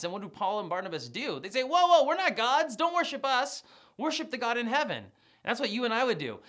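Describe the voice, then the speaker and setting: Give me a woman teaching a video Bible lesson with a lively, swooping pitch. She talks casually but leans hard on her key points. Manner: animated, emphatic, conversational.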